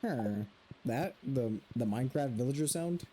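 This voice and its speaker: A young man streams a farming game and chats easily with his audience, playfully imitating a grunting villager. His voice has a medium pitch and a dark tone, and his pace is moderate.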